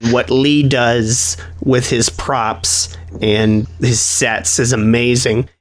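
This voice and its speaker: Man, from Canada, podcast host, mid-pitched, easygoing, affirming, wordy. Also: flat delivery, slow pace, a little hiss or hum. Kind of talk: casual podcast interview.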